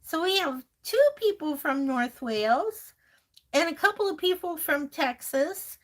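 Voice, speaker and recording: She has a high voice with lively intonation and a fairly bright tone, speaking at a measured pace. Hosting a crafting channel's live stream, she chats casually over viewer comments, laughs often and calls viewers honey and sweetheart.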